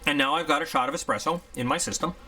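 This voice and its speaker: Bright-voiced chatty man reviewing gear. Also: on the high side, fast. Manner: chatty, rambling, candid. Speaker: product reviewer. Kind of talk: casual unboxing review.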